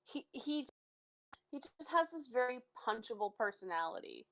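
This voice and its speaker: Animated Canadian woman, bright-pitched. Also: no room sound. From Canada, Ontario. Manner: animated, swears freely, quick to laugh. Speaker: tabletop game player. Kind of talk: casual chat between game players.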